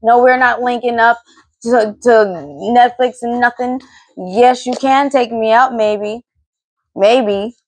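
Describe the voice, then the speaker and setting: A woman's voice: fairly high pitch, a little slow, no room sound. Blunt, profane woman in her thirties. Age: 30s. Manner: blunt, profane, exasperated ranting. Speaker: podcast host. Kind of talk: solo podcast rant.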